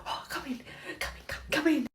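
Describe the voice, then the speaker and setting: A woman's voice: normal speed, in a whisper, close to an everyday voice. A woman playing a mischievous, giggly nursery worker, conspiratorial and laughing. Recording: roomy echo, faint noise.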